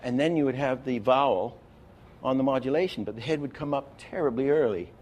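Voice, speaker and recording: A man's voice: medium pitch, fairly quick, darkish tone. A man giving an animation masterclass lecture, explaining with false starts and counting frames aloud. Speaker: animation teacher.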